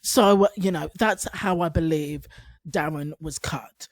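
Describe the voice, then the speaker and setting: A woman's voice: sits low, slow, no echo. A woman giving casual commentary as a YouTube commentator, chatty with sarcastic asides.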